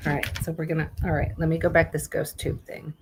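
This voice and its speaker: A woman talks casually on her live stream, blunt and quick to swear. She mutters to herself as she reads text from her phone aloud. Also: low-pitched, level tone, background noise.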